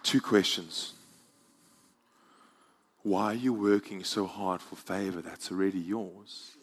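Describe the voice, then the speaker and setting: A man preaching a sermon in a church, moving from quiet, intimate passages to loud, soaring climaxes. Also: low voice, fairly even intonation, slow, a little hiss or hum. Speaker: pastor.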